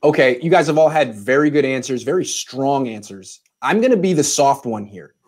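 Brief: male show host, slightly husky, relaxed moderator of a sports panel. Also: mid-range voice, normal speed. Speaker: podcast host.

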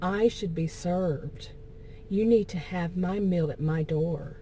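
A woman storyteller quoting an entitled, demanding lady guest. She speaks in a haughty, demanding way, softer than an ordinary speaking level, with car road noise steady underneath. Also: lowish voice, slow.

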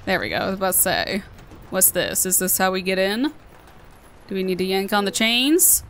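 A woman's voice: mid-range voice, very animated, moderate pace, a bit bright, a little hiss or hum. A woman with a Southern American accent, giving chatty, playful commentary while she plays a video game. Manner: chatty, playful, talking to herself. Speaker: gaming video host. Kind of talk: let's play commentary.

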